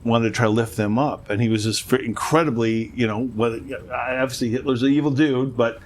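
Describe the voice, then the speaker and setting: Middle-aged guy rambling on a talk show, lots of restarts, average pitch. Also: fairly even intonation, brisk. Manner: rambling, many restarts and fillers. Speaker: podcast co-host. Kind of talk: casual political chat.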